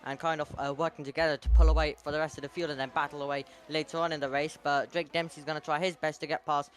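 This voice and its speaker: A man giving race analysis as co-commentator on a sim racing broadcast, talking quickly and using lots of filler words. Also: a little high, little pitch movement. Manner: rapid, filler-heavy analysis.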